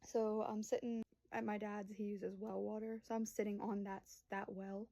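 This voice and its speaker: Chatty young woman, warm dry voice. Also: mid-range voice, flat delivery, normal speed, gravelly, no room sound, low-quality recording. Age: 20s. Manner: rambling, chatty, lots of fillers; acts out voices of family in quotes. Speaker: vlogger and young mother. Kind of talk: casual storytelling to camera.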